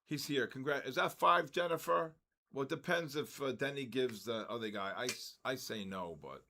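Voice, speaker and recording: An older man hosting a live trading stream, excitedly calling out viewers' names and market moves, his voice worn from talking. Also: medium pitch, normal speed, vocal fry. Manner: excitable, calls out chat names. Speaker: trading livestream host.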